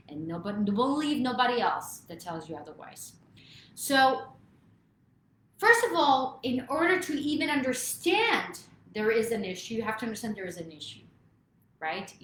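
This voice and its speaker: A woman's voice: medium pitch, a bit bright, slight background noise. A woman vocal coach giving an emphatic motivational talk to camera, often checking in with "right?". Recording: echoey room.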